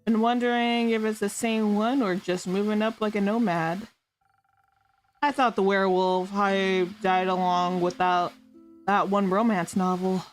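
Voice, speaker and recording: A woman's voice: medium pitch, steady tone, measured pace, faint music behind. A woman streamer doing giggly, playful improvised role-play, stumbling over made-up fantasy names.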